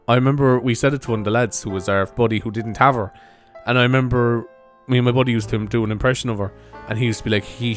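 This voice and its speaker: A young man with an Irish accent hosting his own podcast in a casual, rambling monologue, swearing and laughing at his own jokes. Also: mid-range voice. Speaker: podcast host.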